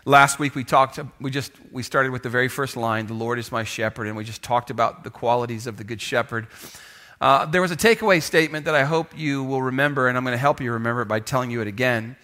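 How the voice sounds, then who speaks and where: Bright-voiced male pastor preaching conversationally. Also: medium pitch, fast. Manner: conversational with restarts, asks the congregation to repeat lines. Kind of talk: sermon. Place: church sanctuary with live congregation.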